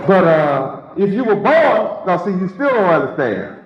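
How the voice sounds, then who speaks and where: A man's voice: high-pitched, big pitch swings, a little hiss or hum. Emphatic male preacher in echoey hall. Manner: emphatic, rhetorical, drawn-out words. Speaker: religious teacher. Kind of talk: sermon. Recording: echoey lo-fi hall recording with crowd.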